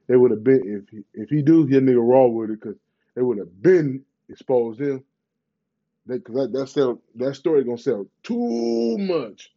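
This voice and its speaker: Brief: Bay man, thirties, mid-pitched, loose profane slang-heavy vlog rant, muffled low-fi recording. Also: lively intonation, a little fast. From Bay Area, California. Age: 30s. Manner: profane, rambling, emphatic slang.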